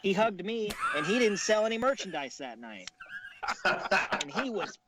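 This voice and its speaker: A man from Kansas, a wrestler guest, telling relaxed anecdotes in casual chat. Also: high voice, a little slow. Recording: faint background noise.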